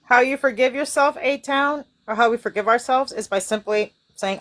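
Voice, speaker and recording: Woman host chatting about forgiveness stuff, animated, acts out the voices in her head. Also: fairly high pitch, normal speed, hardly any pauses. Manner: animated, acts out inner voices with sighs and cries. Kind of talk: casual spiritual chat.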